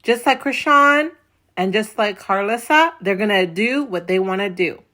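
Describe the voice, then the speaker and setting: A woman's voice: medium pitch, normal speed, bright, forceful tone. A woman hosting a gossip commentary channel, chatty and emphatic as she sets up a clip.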